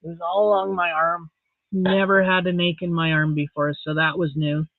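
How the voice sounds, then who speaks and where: A middle-aged woman from Saskatchewan, Canada, hosts a casual live stream, chatting warmly with viewers and reading their comments aloud. She comes across as soft-hearted and easily moved, speaking in a lowish, level voice at normal speed. The audio is thin and phone-like, recorded dry in a close room.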